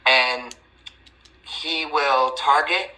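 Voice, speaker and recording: A man's voice: mid-range voice, steady tone, very slow, sharp tone, low-quality recording. A man hosting a livestream, talking in a rambling, defensive way with many restarts. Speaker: livestream host. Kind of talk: casual livestream chat.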